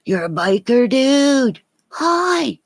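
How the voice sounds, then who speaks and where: A woman's voice: high voice, sing-song, extremely slow, no room sound. A woman rambling and swearing in a casual livestream chat with her viewers, laughing often.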